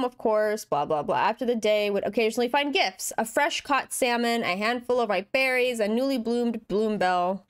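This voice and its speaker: A young woman streaming a story game, chatting casually and reading the in-game text aloud with animated, rambling asides. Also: fairly high pitch, normal speed, few pauses, clear, resonant tone.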